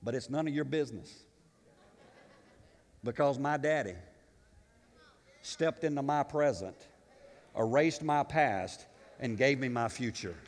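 A man preaching a sermon as pastor, swinging from booming proclamation to quiet conversational asides and often repeating his words. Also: a little slow, pauses often, big-room sound.

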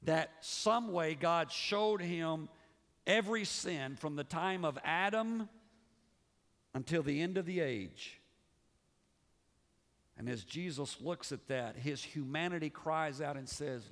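A male pastor preaching a sermon, swinging between raised, emphatic passages and hushed, low ones. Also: expressive, measured pace, vocal fry. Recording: long reverb of a large hall.

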